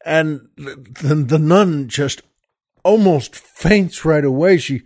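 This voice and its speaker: A man's voice: sits high, lively intonation, unhurried, no room sound, clean studio sound. An older man hosting a podcast, telling a joke in a rambling, chuckling way, with lots of fillers. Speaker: podcast host. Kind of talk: casual storytelling chat.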